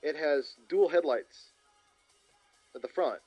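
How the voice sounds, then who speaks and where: A man's voice: on the high side, slow pace, breathy edge. Male podcast co-host, easygoing, faint music behind him. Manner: relaxed, rattles off car lists, chuckles. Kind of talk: casual movie podcast chat. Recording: dull lo-fi mic with faint music.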